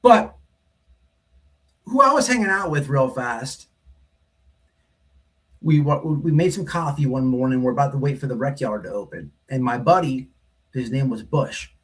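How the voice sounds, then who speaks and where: A man's voice: medium pitch, lively intonation, a little slow, long pauses, a bit bright. A man hosting a livestream, telling a story in a blunt, rambling way, full of profanity and repeated "right?". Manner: rambling, repeats himself, says "right?" often. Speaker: livestream host. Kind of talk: casual storytelling monologue.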